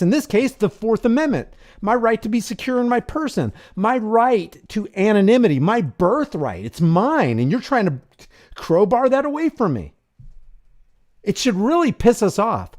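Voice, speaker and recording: A man with a high, very animated voice hosting a live commentary stream. He talks in an impassioned, preachy way, pressing every point hard. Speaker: host.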